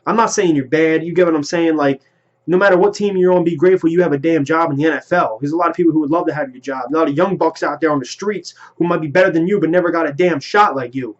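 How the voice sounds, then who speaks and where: A fired-up man vents as a football fan, swearing freely and firing off complaints in quick bursts. His voice sits somewhat high. The sound is muffled and lo-fi. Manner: heated, profane, rapid-fire ranting. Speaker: sports vlogger. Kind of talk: ranting fan commentary. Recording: lo-fi home recording.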